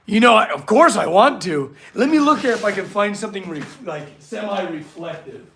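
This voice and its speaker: A man's voice: high-pitched, animated, normal speed, a bit bright, slight background noise. A man streaming from his metal workshop, chatting loosely with viewers and fussing over his dogs. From California. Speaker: blacksmith streamer. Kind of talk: casual livestream chat.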